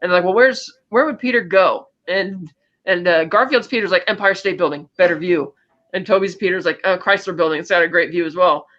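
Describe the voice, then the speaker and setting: A man co-hosting a casual movie review chat, rapidly recapping the plot and acting out the characters' lines. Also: sits high, a bit bright, muffled recording. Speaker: podcast co-host.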